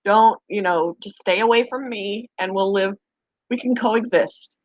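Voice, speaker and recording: A woman's voice: medium pitch, unhurried, no room sound, low-quality recording. A middle-aged woman chatting casually to her viewers about her pets, now and then cooing at her dog. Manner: chatty, talks to her dog in a sing-song voice. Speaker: pet vlogger. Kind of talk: casual chat to camera.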